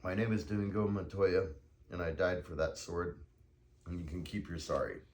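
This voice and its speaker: A man's voice: extremely low pitch, brisk, gravelly, a little mellow. A man voicing the ghost of a Spanish swordsmith father, scolding in a raised voice. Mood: reproachful.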